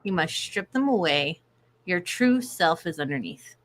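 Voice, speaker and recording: A woman co-hosting a recovery livestream, reading self-help points in a steady, cheerful way. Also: on the low side, measured pace. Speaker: recovery group co-host.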